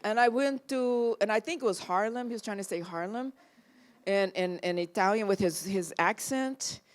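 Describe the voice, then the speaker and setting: A woman guest at a film Q&A, telling an animated anecdote and acting out the people in it. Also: mid-range voice, normal speed. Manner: lively storyteller who acts out the people in her story.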